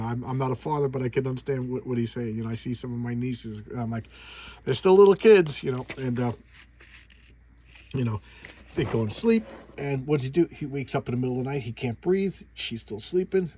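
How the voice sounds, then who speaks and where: A man casually reviewing a comic book, rambling with many halting restarts and fillers, chuckling as he retells scenes. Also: medium pitch, a little mellow, a little hiss or hum.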